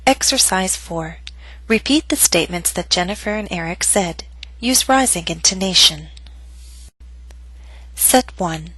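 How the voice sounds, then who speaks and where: A woman's voice: fairly low pitch, fairly bright tone, husky, rough recording. A woman giving a scripted pronunciation lesson, speaking patiently and articulating carefully. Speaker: pronunciation teacher. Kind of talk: scripted instructional narration.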